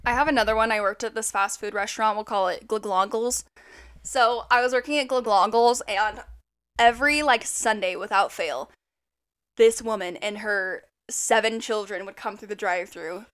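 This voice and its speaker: A young woman co-hosting a podcast in casual chat, telling animated stories and swearing freely. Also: medium pitch, moderate pace, smooth. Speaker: podcast co-host.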